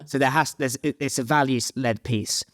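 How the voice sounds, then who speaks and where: In a studio-quality recording with no room sound, a man hosts a podcast interview, rambling in a casual, self-deprecating way with the odd swear. His voice is medium-pitched and a bit bright, with fairly even intonation at normal speed.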